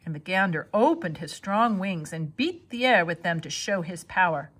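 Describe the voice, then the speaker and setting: A woman reading a children's novel aloud with expressive storytelling. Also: fairly low pitch, moderate pace, husky. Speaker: reader.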